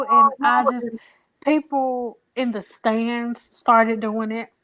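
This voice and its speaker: Emotional young woman, higher voice. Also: fairly even intonation, fairly bright tone. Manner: emotional, halting, many fillers. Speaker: interview guest. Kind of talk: personal storytelling.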